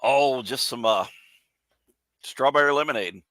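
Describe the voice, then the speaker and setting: Co-host guy, bright tense voice, dry close mic, short easy replies. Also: mid-range voice, unhurried, no echo. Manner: short, easygoing replies with chuckles. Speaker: podcast co-host. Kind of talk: casual chat.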